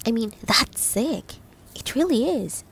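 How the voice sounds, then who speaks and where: A brisk young woman friend, read by a woman narrator. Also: medium pitch, expressive, gravelly, noisy background. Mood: earnest. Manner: brisk and earnest.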